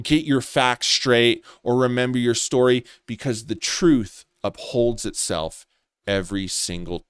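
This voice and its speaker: In clean studio audio with a dry sound, a man with a medium-pitched, clean voice unloads a scornful, accusing commentary rant full of swearing. He's a commentary vlogger.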